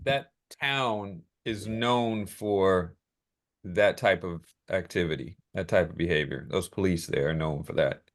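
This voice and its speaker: A man's voice: low-pitched, measured pace. A man co-hosting a podcast, chiming in casually with reactions and short asides. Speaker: podcast co-host. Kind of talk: casual chat.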